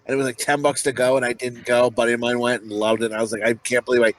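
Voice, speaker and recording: A man's voice: mid-range voice, flat delivery, rapid-fire. A man co-hosting a podcast, rambling through crude stories and laughing often in casual chat. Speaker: podcast co-host.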